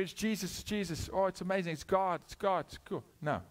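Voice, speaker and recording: A middle-aged man preaching a sermon, moving from loud urgent calls to hushed asides, asking questions and acting out short exchanges. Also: high-pitched, fairly quick, hardly any pauses. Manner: asks questions, acts out dialogue. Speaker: guest preacher.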